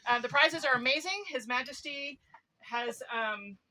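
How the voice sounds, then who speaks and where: A woman event steward giving practical announcements outdoors, pausing often with "um". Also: sits high, bright, forceful tone, rough recording. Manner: chatty, full of "um" pauses, practical. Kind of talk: reading announcements.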